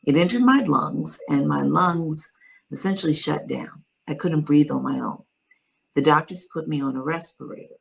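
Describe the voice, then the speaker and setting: A woman with a low, husky voice tells a personal story in conversation. Her tone carries some gravel, and she speaks in an earnest, measured way, pausing to gather her words. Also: low-quality recording. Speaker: guest sharing her story.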